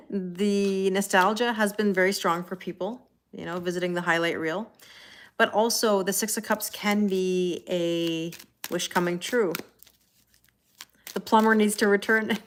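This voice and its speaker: A woman's voice: medium pitch, steady tone, measured pace, long pauses, a little hiss or hum. A Canadian woman with a Canadian accent, giving a casual live-stream tarot reading and answering viewer comments. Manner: chatty, laughs often, answers viewer comments. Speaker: tarot reader.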